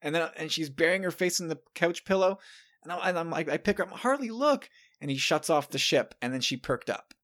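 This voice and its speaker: A man's voice: a little high, steady tone, quick pace, a bit bright. A man in his thirties hosting a casual chat, talking loosely and often restarting his words.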